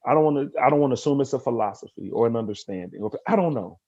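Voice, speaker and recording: A man's voice: mid-range voice, expressive, racing, mellow, slightly rough, muffled recording. A man hosting a podcast interview, rambling with many restarts and openly moved. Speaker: podcast host. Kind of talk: emotional interview conversation.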